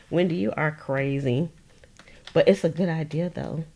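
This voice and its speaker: A junk journal crafter chats with her livestream viewers in a low, slow, somewhat mellow voice while her sewing machine runs in the background as she makes journal pieces. She laughs often and calls her audience "y'all."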